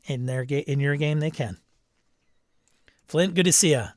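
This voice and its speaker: A man's voice: fairly high pitch, normal speed, no echo, studio quality. A man hosting a live stream, chatting casually, reading viewer comments aloud and laughing often. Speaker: livestream host reading chat. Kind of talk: casual chat.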